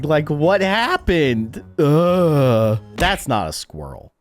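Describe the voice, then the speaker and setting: Guy reacting to ai pics, voice jumps all over, talks slow and drawn out, soft music behind. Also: on the high side. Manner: animated, laughing, easily shocked. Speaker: YouTuber reacting to AI images. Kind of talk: casual reaction commentary.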